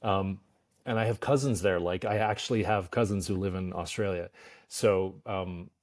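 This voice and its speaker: Chatty low-voiced actor, self-deprecating. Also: male voice, fairly even intonation, normal speed, a little mellow. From Canada. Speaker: guest actor. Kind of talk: casual interview chat.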